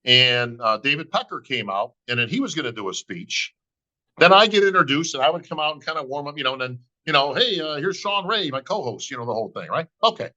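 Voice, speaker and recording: A man's voice: medium pitch, animated, fast talker, bright, forceful tone, rough recording. A middle-aged man, a bodybuilding emcee, telling a long story on a podcast and acting out both sides of the talk. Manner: acts out both sides of conversations, says "bro" and "right?" constantly.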